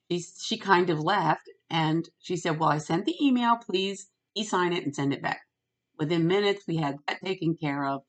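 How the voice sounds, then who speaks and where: Middle-aged woman vlogger, lower voice, animated rant with quoted dialogue. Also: moderate pace. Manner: animated, retells phone calls with quoted voices. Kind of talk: ranting storytime monologue.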